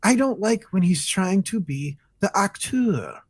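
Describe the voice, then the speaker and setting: Brief: lively, foul-mouthed man riffing on wrestling promos, dry close sound. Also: high voice, measured pace, husky, no echo. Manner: profane, animated, acts out wrestlers' lines. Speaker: co-host. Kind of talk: casual wrestling podcast chat.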